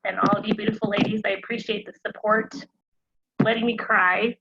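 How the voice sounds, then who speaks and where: A woman's voice: medium pitch, level tone, a little fast. A woman yoga graduate giving an earnest, grateful farewell speech over a video call. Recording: lo-fi video call with loud noise.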